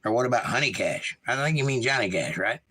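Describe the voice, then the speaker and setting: A man's voice: medium pitch, animated, fast, sharp tone, breathy edge. A man hosting a casual livestream, greeting chatters by name and reading their comments aloud. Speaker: livestream host. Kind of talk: casual chat reading out live chat, with singing to guitar.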